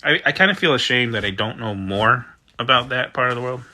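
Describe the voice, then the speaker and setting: American man, livestream host, mid-pitched, very bright timbre, chatty and loose, reacts to comments. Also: fairly quick. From United States. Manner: chatty, reads out usernames and reacts. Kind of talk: casual chat reading viewer comments.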